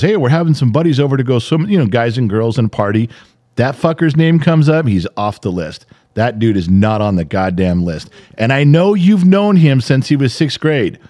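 A man's voice: medium pitch, darkish tone. A middle-aged man co-hosting a podcast, telling a story in casual chat, profane and exasperated, acting out what people said. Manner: profane, exasperated, acts out quotes. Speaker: podcast co-host.

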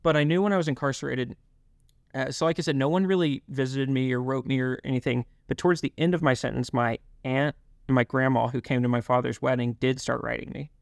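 A young man telling his life story in an interview, halting, with many fillers and restarts. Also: mid-range voice, fairly even intonation, vocal fry, dry recording, clean studio sound. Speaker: guest. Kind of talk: reflective interview talk.

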